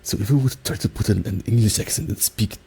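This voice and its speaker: Soft-whispering German-accented man, gravelly. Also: fairly low pitch, quick pace, low-quality recording. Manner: gentle whispering, soft and playful. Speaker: ASMR creator. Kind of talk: soft-spoken ASMR talk. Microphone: binaural microphone.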